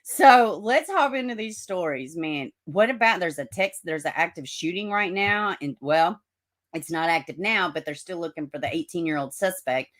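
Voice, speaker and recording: A woman's voice: fairly low pitch, animated, moderate pace, a bit bright. A middle-aged woman hosting a casual livestream, greeting viewers by name, swearing and laughing at herself as she tells a story. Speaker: livestream host.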